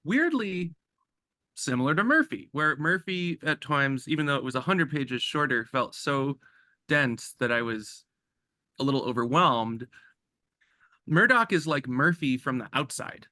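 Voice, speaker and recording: A man chatting casually about a novel, giving quick opinionated remarks. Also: a little high, animated, pushed and bright, no echo, clean studio sound. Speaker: book discussion participant. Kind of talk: casual chat.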